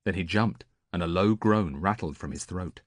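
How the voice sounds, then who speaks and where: Man narrating an audiobook, very low voice, dry close sound. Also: moderate pace, dry recording. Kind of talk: scripted narration.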